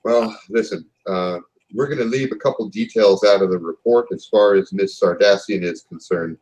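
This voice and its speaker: A man voicing a stern but wry male company boss who talks in a measured, businesslike way, pausing on fillers. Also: fairly low pitch, darkish tone, close to an everyday voice, rough recording.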